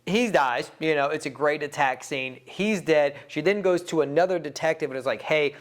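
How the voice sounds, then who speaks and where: A man's voice: fairly high pitch, moderate pace. A man giving a casual, enthusiastic film review, rambling a little and laughing often. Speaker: movie reviewer.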